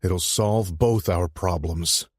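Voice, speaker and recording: A woman voicing a scarred, ruthless grown-man mafia boss in an audiobook, in a low, slow murmur. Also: darkish tone, breathy edge, dry recording, clean studio sound, heavily acted. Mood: calm. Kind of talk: audiobook character voice.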